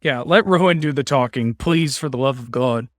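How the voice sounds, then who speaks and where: A man's voice: mid-range voice, normal speed, no room sound, studio quality. A man streaming a card game, giving casual commentary with wry, sarcastic asides.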